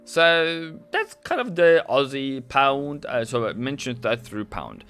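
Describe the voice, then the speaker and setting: A man's voice: medium pitch, sing-song, slow pace, a bit bright, faint music behind. A man from Norway, giving chatty live market commentary that rambles and often corrects itself. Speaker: trading streamer.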